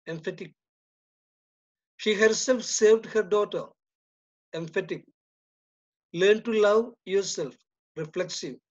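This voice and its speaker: Slow Indian English teacher, lo-fi sound. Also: male voice, sits high. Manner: reads each sentence, then drops in level for the answer. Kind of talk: slow, deliberate grammar lesson. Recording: dull lo-fi recording.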